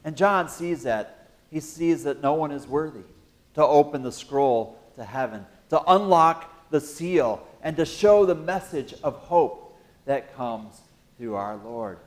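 A man preaching a sermon in church as pastor, joking with the congregation and breaking into sudden loud exclamations. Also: fairly high pitch, measured pace. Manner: animated, jokey preaching with sudden loud bursts.

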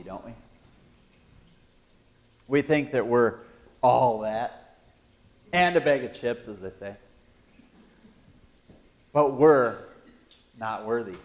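A man preaching a sermon in church as pastor, joking with the congregation and breaking into sudden loud exclamations. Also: mid-range voice, slow pace, long pauses. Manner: animated, jokey preaching with sudden loud bursts.

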